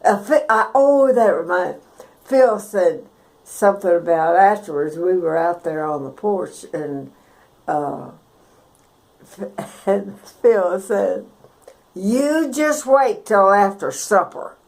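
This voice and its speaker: An elderly woman spins a childhood tale at an unhurried, drawn-out pace. Her voice carries a gravelly, creaky edge, and she chuckles her way through the folksy telling, as in a recorded oral history. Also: lowish voice, expressive, a little mellow, rough recording. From Texas.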